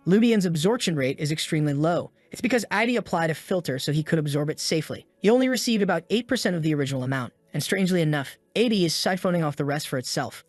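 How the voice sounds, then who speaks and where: Male recap narrator, slightly high voice, rapid delivery over soft background music. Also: no echo. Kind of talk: scripted story recap narration. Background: faint background music.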